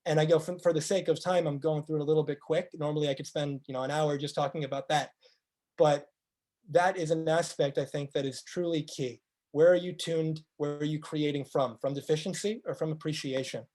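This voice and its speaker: A man's voice: a little high, a little fast. A man giving a motivational presentation, speaking earnestly and piling up rhetorical questions. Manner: earnest, acts out quoted speakers in lively voices.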